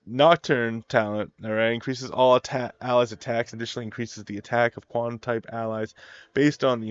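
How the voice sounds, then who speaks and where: A man's voice: mid-range voice, no echo, dull audio. A man who is getting over a cold hosts a casual breakdown of a game character. His voice is nasal and congested, and he rambles with lots of fillers, checking in with "okay?" and "you know.". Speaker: gaming video host.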